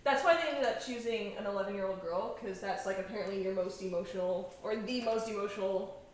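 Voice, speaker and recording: A woman's voice: medium pitch, a little fast. A young woman hosting a home cooking show, chatting and giggling casually as she cooks. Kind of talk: casual chat while cooking. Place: home kitchen. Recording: echoey kitchen, mic far off.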